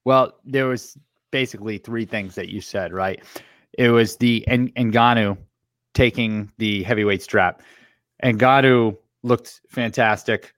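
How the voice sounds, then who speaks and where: A man's voice: on the low side, steady tone, unhurried, a bit bright, dry recording, studio quality. A man co-hosting a podcast, chatty and telling stories in casual talk. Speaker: podcast co-host.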